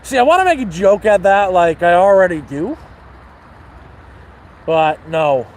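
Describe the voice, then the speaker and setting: A man chatting casually on a livestream, crude and laid-back, swearing as he tells dark jokes. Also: high voice, expressive, a little slow, rough recording. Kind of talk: casual livestream chat and joke telling. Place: outdoors near water.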